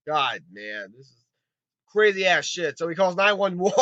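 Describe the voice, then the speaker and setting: A man giving a rambling, excitable spoken movie review, swearing often and retelling scenes with quick put-on voices. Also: high voice, dry recording, muffled recording. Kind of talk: casual spoken film review.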